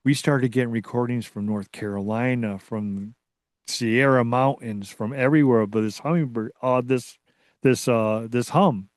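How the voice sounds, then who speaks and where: A man being interviewed as a researcher, telling a story in a casual, excitable way that rambles and restarts. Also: medium pitch, a little slow, dry recording, clean studio sound. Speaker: guest, Bigfoot researcher.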